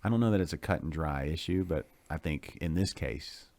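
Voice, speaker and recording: A man's voice: very deep voice, a little mellow. A man, hosting a casual live interview with enthusiastic, rambling chatter. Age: 40s. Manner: enthusiastic, rambling, quick to laugh. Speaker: podcast host.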